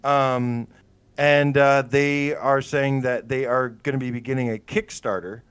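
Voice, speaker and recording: A man's voice: medium pitch, fairly even intonation, measured pace, a bit bright, clean tone, dry recording. A man co-hosting a casual gaming podcast, telling stories with lots of fillers and rambling enthusiasm. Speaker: podcast co-host.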